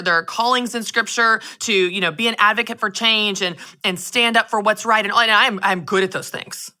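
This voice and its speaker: A woman hosting her own show, giving a lively, expressive faith-based talk straight to her listeners. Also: medium pitch. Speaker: podcast host. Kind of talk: casual faith-based monologue.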